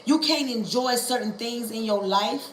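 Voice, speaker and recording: Woman preaching live, high bright voice, echoey room, drawn-out church cadence that climbs to shouts. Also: slight background noise. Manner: preachy, calls on listeners to "say ouch"; Southern Black church cadence, stretches words and rises to shouting. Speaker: preacher on a livestream. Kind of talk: livestream sermon.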